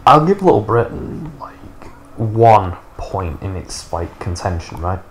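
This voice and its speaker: Low-voiced and slow, with big swings in pitch, a gaming YouTuber in his thirties offers casual, sarcastic, foul-mouthed commentary on his gameplay. A little hiss or hum runs under the recording.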